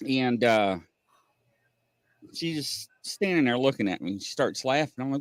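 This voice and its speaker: A middle-aged man, hosting a casual live-stream chat and telling stories in an animated way. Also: mid-range voice, a little slow, pauses often, dry recording. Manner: animated storyteller, acts out voices. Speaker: host.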